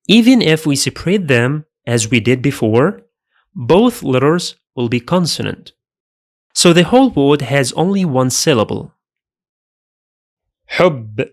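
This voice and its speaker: A man teaching Arabic pronunciation in a scripted lesson, speaking deliberately and saying each sound twice. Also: fairly high pitch. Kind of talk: slow scripted lesson narration.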